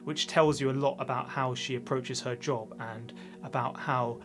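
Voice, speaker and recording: A man's voice: mid-range voice, fairly even intonation, moderate pace. Man explaining over faint music. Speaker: media commentator. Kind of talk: explanatory commentary.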